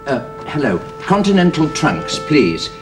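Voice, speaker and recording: A courteous old gentleman talks formally and politely, stumbling into ums and uhs when flustered. His voice is mid-pitched and animated, set in a period radio drama with music running behind. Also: unhurried. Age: older. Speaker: grandfather of the household.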